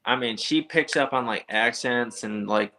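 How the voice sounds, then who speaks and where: A man's voice: mid-range voice, unhurried, sharp tone. A man from the eastern United States, a motocross racer, talking as a guest in a laid-back, plainspoken way. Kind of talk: casual interview chat.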